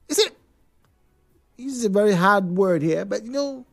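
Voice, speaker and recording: Lively radio host, man. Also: high voice, normal speed, gravelly, long pauses, faint music behind. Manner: lively, reads listener messages aloud with comments. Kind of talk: radio phone-in talk show.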